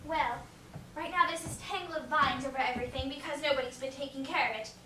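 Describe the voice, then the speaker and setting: A woman's voice: high-pitched, fairly even intonation, quick pace, sharp tone. A woman playing an earnest spirited young girl. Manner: earnest, eager. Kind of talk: stage musical acting. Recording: distant echoey stage recording, noisy.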